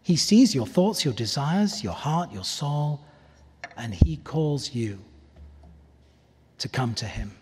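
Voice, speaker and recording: A man preaching a sermon, earnest and pleading, often letting his voice drop softly on key words. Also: medium pitch, animated, slow pace, pauses often, breathy edge. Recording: long reverb of a large hall.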